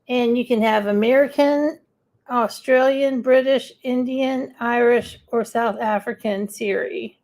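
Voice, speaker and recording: A woman's voice: fairly high pitch, darkish tone. A woman hosting a casual live-stream chat, rambling and answering viewer comments. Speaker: livestream host.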